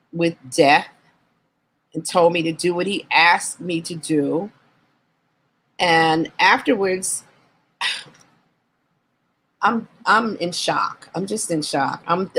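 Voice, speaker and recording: A woman guest on an interview show, candidly recounting her life in an earnest, reflective way and slowing down on painful memories. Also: on the low side, a little hiss or hum, low-quality recording. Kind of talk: candid personal storytelling.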